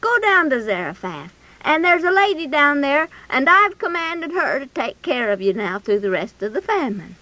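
God for a told Bible story: high, lively, folksy and commanding, voiced by a woman. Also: normal speed, few pauses, heavily acted, rough recording. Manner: homely, fatherly commands. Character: booming God speaking to a prophet.

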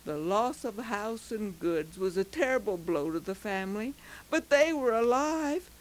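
A woman reading a heartfelt story aloud, slow and expressive. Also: mid-range voice, a little hiss or hum, poor audio. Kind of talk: scripted story narration.

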